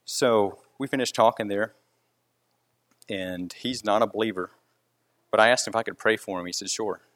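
A man's voice: fairly low pitch, steady tone, normal speed, fairly bright tone. A man who leads a concrete crew tells a story in casual, earnest speech full of restarts. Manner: rambling, with frequent restarts.

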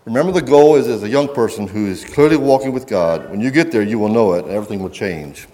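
A man's voice: on the low side, expressive, quick pace, warm tone. A middle-aged man preaching a sermon in an earnest manner, often restarting his sentences and reading passages aloud from a book. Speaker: pastor.

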